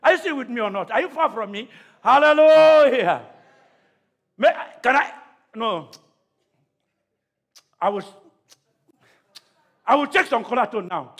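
A man preaching a sermon to a church congregation, calling out questions to the crowd and often shouting. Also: very high voice, expressive, moderate pace, pauses often. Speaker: pastor.

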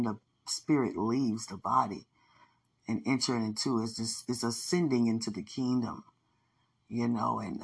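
Husky guy preaching prophecy from his bedroom, repeats lines over and over, goes to a whisper sometimes. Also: medium pitch, a bit bright. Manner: repetitive, rhythmic declarations; drops to a whisper at times. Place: bedroom corner.

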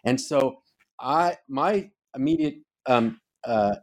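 A man's voice: medium pitch, expressive, takes it slowly. An older man, a former officer, tells stories in a podcast interview, emphatic and swearing freely. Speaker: podcast guest, former Coast Guard officer. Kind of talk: casual storytelling interview.

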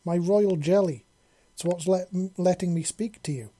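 A man's voice: high-pitched, normal speed, warm tone, voice pushed up. A man voicing a female alien insect queen, fierce yet kind, talking in earnest exclamations. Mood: relieved.

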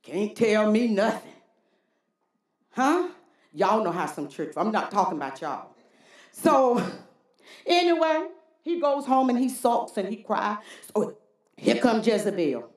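Animated woman preacher in an echoey church. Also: mid-range voice, a little slow, long pauses. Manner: animated, call-and-response, folksy. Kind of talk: sermon. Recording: roomy church hall echo.

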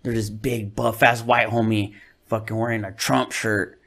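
A man acting out a male comedy club host giving a quiet, confiding warning in a lowered voice. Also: flat delivery, normal speed, vocal fry.

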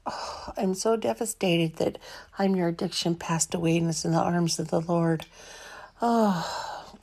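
A woman's voice: fairly low pitch, unhurried, a little mellow. A woman guest in a casual tribute chat, speaking in an emotional way.

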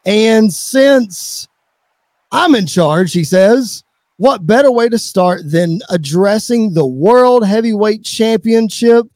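A man calls an imagined wrestling show like a play-by-play announcer, with a high, widely swinging voice. He takes his time between lines, and the recording is dry and close to the mic. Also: expressive, slow pace, a little mellow, no room sound.

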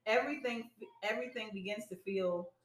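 A woman's voice: a little fast, reverberant. A woman chatting casually, telling stories with lots of laughter and acting out the quotes. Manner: animated storyteller, laughs often, acts out quotes in a high voice. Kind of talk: casual chat.

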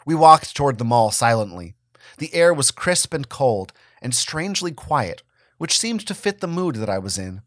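A man's voice: mid-range voice, normal speed, no echo, studio quality. A man giving a dramatic first-person reading of a story. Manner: expressive, dramatic. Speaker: reader.

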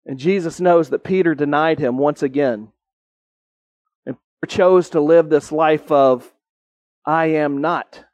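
A man with a high voice preaches with earnest conviction, lifting his pitch on the points he wants to land and slowing right down to stress them. The sound is close and dry, with no room around it. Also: darkish tone, no room sound. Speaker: pastor. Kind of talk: sermon.

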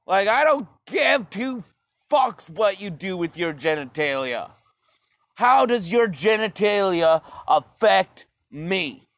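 A man's voice: high-pitched, fairly bright tone, no room sound. A man delivering a profane, sarcastic stand-up rant, rambling and swearing often. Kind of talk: profane ranting stand-up monologue.

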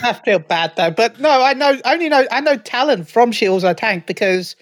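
A man's voice: extremely high pitch, animated, a little fast, no room sound. A man chatting casually as a podcast guest, rambling and joking about himself.

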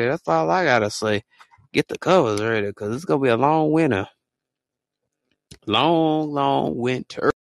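A man co-hosting a podcast in casual chat, telling stories in slang with sudden high exclamations. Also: lively intonation, moderate pace, slight background noise. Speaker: podcast co-host.

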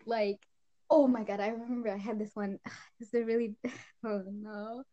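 Teenage girl, casual podcast chat, giggly storyteller, slightly high voice. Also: steady tone, normal speed, dark tone, dull audio. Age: teens. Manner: giggly storytelling, bursts into laughter. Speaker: podcast co-host.

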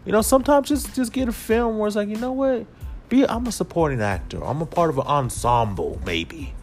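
A man's voice: brisk, faint music behind. A man hosting a podcast, ranting in a casual, comedic way, swinging his voice up and down. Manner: animated, swings pitch and volume, drops to a low put-on voice at times. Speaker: podcast host.

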